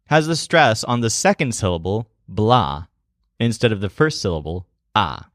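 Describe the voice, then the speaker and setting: Calm man narrating a language lesson. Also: mid-range voice, no room sound, clean studio sound. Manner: calm explanatory storytelling. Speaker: language teacher. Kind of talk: scripted mnemonic lesson narration.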